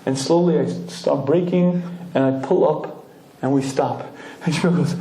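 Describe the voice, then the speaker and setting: Animated rabbi in an echoey room. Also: male voice, fairly high pitch, a little slow. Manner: animated storyteller, often clears throat. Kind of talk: storytelling Torah lecture.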